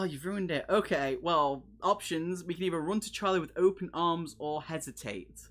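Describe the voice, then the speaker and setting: A man with a fairly high, fairly bright voice talks at normal speed with few pauses while streaming a live playthrough. He reads a horror gamebook aloud, joking and chatting with his viewers between passages.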